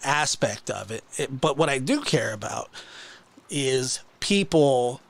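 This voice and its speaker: Lively, mocking man ranting. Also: mid-range voice, slow pace, creaky. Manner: mocking, exasperated, stumbling restarts. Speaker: channel host. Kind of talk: casual livestream rant.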